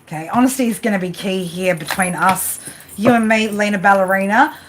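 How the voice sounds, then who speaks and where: A woman's voice: medium pitch, fairly quick, background noise. A woman doing live tarot readings, chatty and rambling, often restarting her sentences. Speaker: tarot reader.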